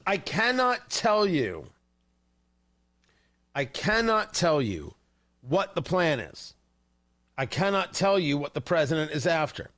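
A male commentary host with a high, lively voice that leaps up and down. He rants with heated sarcasm, mocking and scolding as he comments on a livestream. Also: takes it slowly, long pauses.

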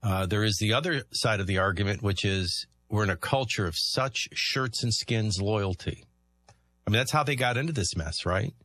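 A man's voice: lowish voice, moderate pace, sharp tone. A man hosting a talk radio show, chatting through rambling anecdotes and often laughing.

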